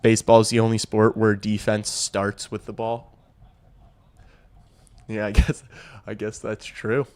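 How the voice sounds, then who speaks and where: A man's voice: on the low side, completely flat delivery, a little slow, pauses often, darkish tone. A young man hosting a hockey watch-along stream, calling the play casually, swearing freely and talking to his chat. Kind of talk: casual live play-by-play reaction.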